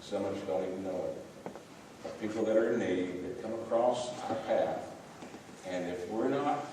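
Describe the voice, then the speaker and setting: Man, very deep voice, pastor, sermon, far-off mic, echoing church, background noise. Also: moderate pace. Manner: reflective, urging the congregation. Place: church sanctuary. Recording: echoey church from a distant mic.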